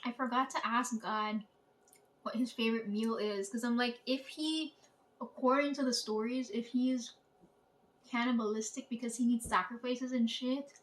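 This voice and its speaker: A woman's voice: on the high side, steady tone, normal speed. A woman telling a story in a casual, chatty way, swearing freely and often breaking into laughter. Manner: chatty, profane, laughs while retelling. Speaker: channel host. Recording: voice somewhat distant from mic.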